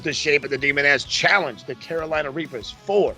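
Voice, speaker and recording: Bright-voiced man announcing a podcast match. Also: fairly high pitch, lively intonation, a little fast, faint music behind. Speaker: podcast co-host. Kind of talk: announcer-style show hosting.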